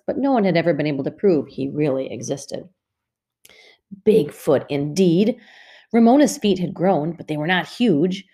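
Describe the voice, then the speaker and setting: Woman teacher, storybook read-aloud, warm mellow tone, lowish voice, expressive. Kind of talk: reading a storybook aloud to a class.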